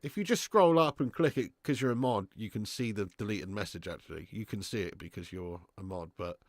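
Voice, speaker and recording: A man's voice: lowish voice, a little fast, dry recording, clean studio sound. A man hosting a casual live watch-along stream, bantering with chat, reading out super chats and swearing freely.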